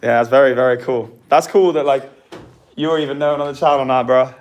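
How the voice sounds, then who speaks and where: Casting: young male vlog host, chatty, easy laugh, mid-pitched voice. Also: steady tone, a little fast. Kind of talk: casual livestream chat.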